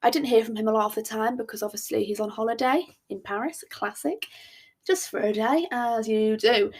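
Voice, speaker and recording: Woman podcast host, casual storyteller, slightly high voice, self-mocking. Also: a little fast.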